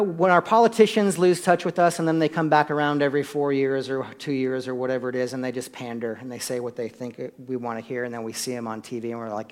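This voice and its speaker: A man preaching a sermon, shifting from quiet asides to loud, emphatic peaks and questions to the congregation. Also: mid-range voice, steady tone, quick pace, hardly any pauses. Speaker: pastor.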